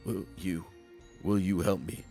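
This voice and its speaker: A man's voice: deep voice, steady tone, measured pace, vocal fry, mellow, soft background music. A man voicing a bumbling, boastful male goblin guard in a silly, raised voice for a game. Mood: whiny.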